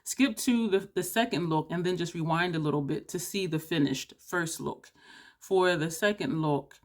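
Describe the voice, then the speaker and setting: A woman beauty vlogger chatting excitedly to camera, loud and playful, dropping "y'all" and the odd curse. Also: on the low side, moderate pace. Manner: loud, excitable, says she is yelling; drawling, southern-style "y'all" chatter, playful cursing. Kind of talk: excited casual chat to camera.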